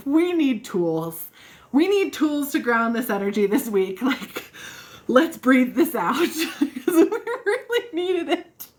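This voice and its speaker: A woman hosting a casual livestream, answering viewer questions in a bubbly, encouraging way and laughing often. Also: lowish voice. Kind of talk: casual live chat.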